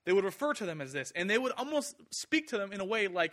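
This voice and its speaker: A young man preaches with a high, bright voice. He keeps it casual and lively, slipping into little voices for the people he quotes. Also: quick pace, few pauses. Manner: animated, conversational, acts out quotes. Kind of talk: sermon.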